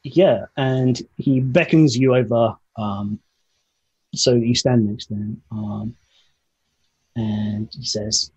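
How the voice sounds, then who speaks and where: Brief: husky GM, halting narration with fillers. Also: male voice, medium pitch, fairly even intonation, a little mellow, highs cut off. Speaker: game master. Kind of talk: narrating a tabletop game.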